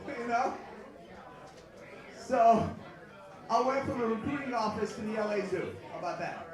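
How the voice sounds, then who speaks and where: A man from Los Angeles performing a live stand-up set in a bar, with a punchy, profane delivery that breaks into shouted bursts. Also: extremely high pitch, moderate pace. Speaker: stand-up comedian and host. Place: bar stage before a live audience. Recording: echoey bar with crowd laughter.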